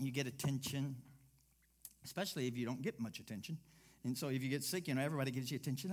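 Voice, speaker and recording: Talking very fast, this male pastor's sermon swings from quiet low asides to loud exclamations, and he imitates whiny voices to quote people.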